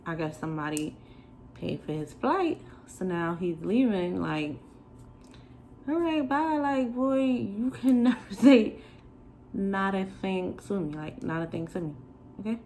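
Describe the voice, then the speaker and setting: A young woman from New York telling a storytime to the camera, animated and sassy, acting out the quoted lines. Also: on the low side, measured pace, slight background noise, rough recording. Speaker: vlogger. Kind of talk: storytime chat.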